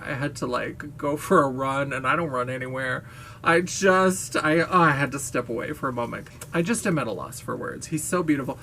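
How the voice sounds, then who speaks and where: Male vlogger, chatty and self-mocking; loud, brash voice, fairly high, faint noise behind. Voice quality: brash, blaring voice. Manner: gushing, playful, self-mocking. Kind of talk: casual chatty monologue.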